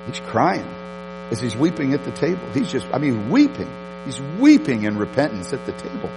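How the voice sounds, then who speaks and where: A man preaching a sermon, telling a story with emphatic repetitions and animated delivery. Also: mid-range voice, normal speed, long reverb tail, noisy background. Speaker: pastor.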